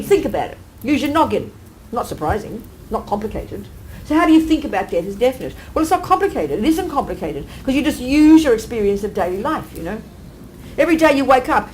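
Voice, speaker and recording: A nun giving a dharma teaching in a blunt, emphatic, colloquial way, full of rhetorical questions. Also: female voice, on the high side, a little hiss or hum, low-quality recording. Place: meditation centre teaching hall.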